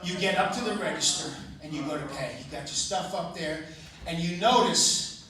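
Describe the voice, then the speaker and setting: A man's voice: fairly high pitch, moderate pace, bright, forceful tone. A man doing a stand-up comedy set, telling a crude, exasperated story. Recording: echoey live room from far off, crowd noise.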